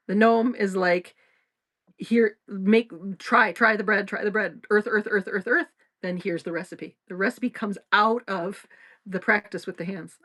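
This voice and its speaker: A woman's voice: medium pitch, fairly bright tone. A woman podcast host explaining ideas in casual talk, often restarting sentences and laughing as she goes. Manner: rambling, with frequent restarts and laughter.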